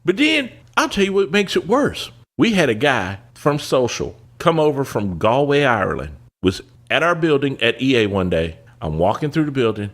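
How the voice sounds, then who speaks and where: A man's voice: medium pitch, normal speed, hardly any pauses. Podcast guy telling stories, swears a lot, voice jumps all over the place. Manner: animated storyteller, swears casually. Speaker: podcast host. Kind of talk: casual chat.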